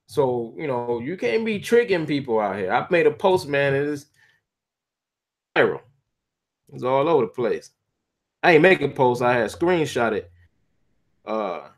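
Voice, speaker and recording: A man vlogging casually to his viewers, rambling and chatty, full of slang and restarts. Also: medium pitch. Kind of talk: casual talk to camera.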